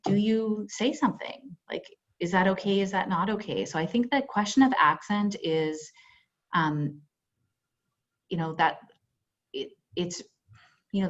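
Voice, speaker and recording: A woman's voice: lowish voice, muffled recording. A woman leading a webinar as a workplace trainer, talking conversationally with many fillers and acting out example dialogue. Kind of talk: webinar presentation. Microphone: video call.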